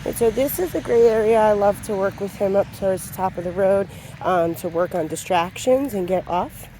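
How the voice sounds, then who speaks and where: A woman trainer talks in a calm, even way while she walks a dog along a road. Her voice is mellow and soft-edged, recorded outdoors with faint traffic passing behind. She explains things plainly, with lots of fillers. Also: normal speed. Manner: calm, low-key instructive talk with many fillers. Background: passing vehicles.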